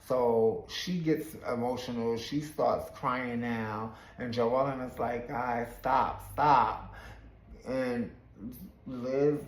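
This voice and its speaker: A man's voice: mid-range voice, fairly even intonation, takes it slowly. A man casually recapping a reality show, chatty and slangy, retelling scenes with plenty of sass. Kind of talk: casual commentary. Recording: echoey room.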